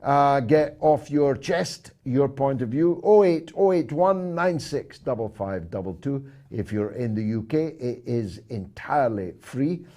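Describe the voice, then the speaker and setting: Male talk show host, slow deliberate delivery, dry asides, measured. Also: mid-range voice, animated, warm tone. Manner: measured, reads out polls and donations with dry asides. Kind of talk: radio-style talk show hosting.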